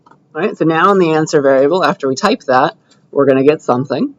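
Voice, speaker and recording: A man's voice: on the high side, quick pace, highs cut off. A young man giving a computer science lecture with a live coding demo, talking casually and often checking in with "right?" and "okay?". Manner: conversational, checks understanding with frequent "right?" and "okay?".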